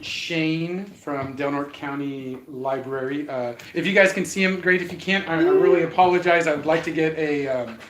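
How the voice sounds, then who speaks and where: An upbeat, chatty man hosts a local radio show from a small studio. His voice sits a little high, and the room rings with echo while a faint hiss runs underneath. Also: normal speed, few pauses, a bit bright. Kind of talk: casual studio chat.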